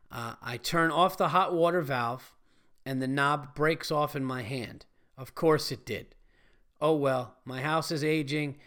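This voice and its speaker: Podcast host, man, slightly high smooth voice, loose and profane, reads listener mail, close mic. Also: a bit bright. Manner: loose, swears freely, chuckles mid-sentence. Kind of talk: reading listener emails and casual chat.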